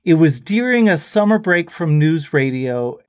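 A man's voice: fairly high pitch, normal speed, dry recording. A middle-aged man, a musician guest, telling anecdotes in casual chat and often laughing as he talks. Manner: animated storyteller who laughs often.

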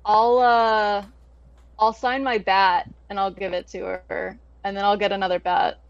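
A woman playing a tabletop game, quick and offhand. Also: medium pitch, little pitch movement, no room sound. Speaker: player. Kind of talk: casual tabletop role-play. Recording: dry, dull lo-fi mic.

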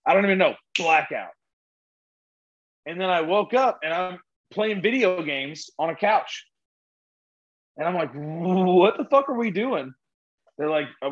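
Husky man telling a wild story. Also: fairly high pitch, lo-fi sound. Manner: animated, laughs through his own story. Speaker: podcast guest. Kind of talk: casual storytelling chat.

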